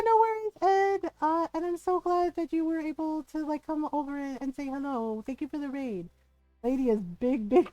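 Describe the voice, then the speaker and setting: A woman's voice: on the high side, darkish tone, no room sound, poor audio. A woman streamer chatting candidly with her viewers, swearing freely, often laughing mid-sentence and tagging her sentences with "right?". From Filipino family background. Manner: candid and profane, tags lines with "right?". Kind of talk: casual chat with stream viewers while gaming.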